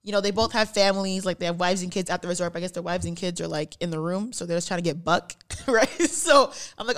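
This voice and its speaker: A young woman speaks quickly in a mid-range voice. Co-hosting a podcast, she shares a story in casual conversation, with lots of laughter and acted-out voices for its characters.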